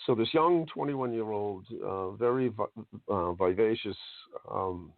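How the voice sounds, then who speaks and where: A man's voice: fairly low pitch, a little slow. Man telling stories over a tinny line. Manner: chatty anecdote-telling with many fillers. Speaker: host. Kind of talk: casual storytelling interview.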